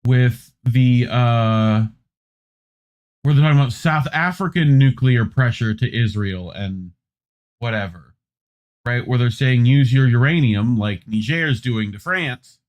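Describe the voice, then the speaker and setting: A man's voice: mid-range voice, animated, slow, muffled recording. A man co-hosting a news show in loose, rambling casual commentary, with profane asides. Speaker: co-host.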